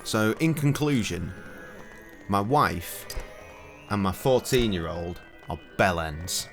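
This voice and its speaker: Brief: middle-aged man, lowish voice, sweary and cheeky, gaming stream with game music underneath. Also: expressive, slow. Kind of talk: casual commentary with storytelling. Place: home, indoors.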